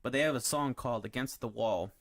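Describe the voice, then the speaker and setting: Dude rambling on a podcast, lots of um and uh, swears a bunch. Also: male voice, medium pitch, brisk. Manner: rambling, many fillers and restarts, swears casually. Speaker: podcast host. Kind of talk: casual chat.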